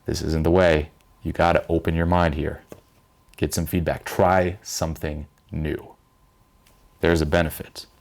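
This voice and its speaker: Blunt, profane man with a very low voice. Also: little pitch movement, unhurried, creaky. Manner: blunt and profane, mimics panicked voices in a higher pitch. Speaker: vlogger giving life advice. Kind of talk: direct-to-camera self-help talk.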